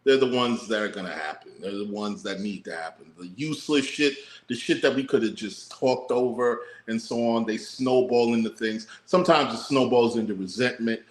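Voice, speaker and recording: A man co-hosts a casual talk-show podcast, sharing his opinions in a relaxed, profane way. His mid-range voice moves at normal speed with few pauses, and the recording has a roomy echo.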